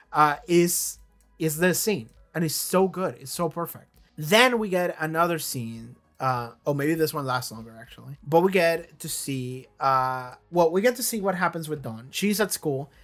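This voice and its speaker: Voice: mid-range voice, a bit bright. A video reviewer in a casual monologue, talking with emotional enthusiasm, swearing and often restarting sentences. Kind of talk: casual monologue about a TV show.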